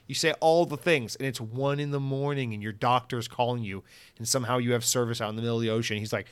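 A man's voice: mid-range voice, fast talker, clean tone, no echo. Profane, rambling man on a podcast. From Central Florida. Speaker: podcast host. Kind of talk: casual chat.

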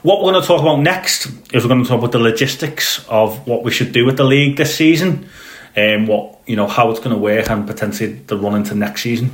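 A man's voice: mid-range voice, expressive, fairly quick. A man co-hosting a football podcast in casual chat, rambling with plenty of fillers and restarts. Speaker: podcast co-host. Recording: roomy echo.

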